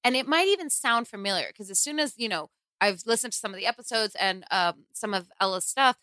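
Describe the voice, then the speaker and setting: A woman's voice: mid-range voice, lively intonation, fairly quick, sharp tone, no echo. A woman co-hosting a podcast who talks in a playful, joking way. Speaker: co-host. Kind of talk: casual podcast chat.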